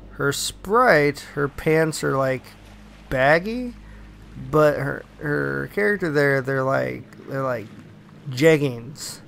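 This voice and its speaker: A man's voice: medium pitch, gravelly, fairly bright tone, a little hiss or hum. A young man giving casual, joking commentary over a video game, with rambling asides. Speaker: let's play host. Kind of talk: gameplay commentary.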